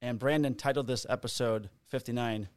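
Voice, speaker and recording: A man co-hosts a casual podcast in a smooth, mid-range voice with fairly even intonation and a moderate pace. Joking and rambling, he wanders through stories, gags and a sponsor read, captured on a studio podcast mic without echo.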